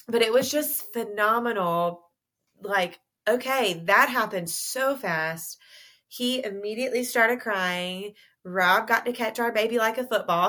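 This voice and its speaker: A young woman tells her story as a guest in a relaxed podcast interview. Her telling is animated and full of giggles and laughs. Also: mid-range voice.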